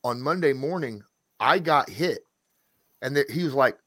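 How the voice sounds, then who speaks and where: A man in casual conversation, talking haltingly and repeating words. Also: medium pitch, animated, a bit bright, dry recording. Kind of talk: casual chat.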